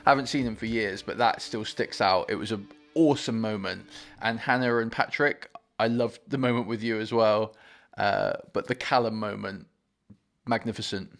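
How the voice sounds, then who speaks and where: Excitable man reacting to a film. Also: on the low side, moderate pace, vocal fry, faint music behind. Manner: excitable, gushing enthusiasm. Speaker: movie reaction host.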